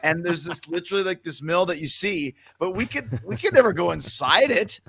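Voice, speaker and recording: A man's voice: high voice, lively intonation, brisk, gravelly, a bit bright, a little hiss or hum. A man from Canada hosting a podcast, telling stories in a rambling, casual way with swearing. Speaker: podcast host. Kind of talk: casual chat.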